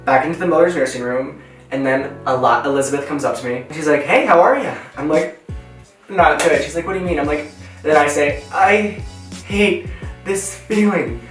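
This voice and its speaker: Doing his makeup while following a tutorial, a young male vlogger chats casually through a story, acting out the characters' voices with animation. His mid-range voice sounds roomy and off-mic in an echoey space with faint music.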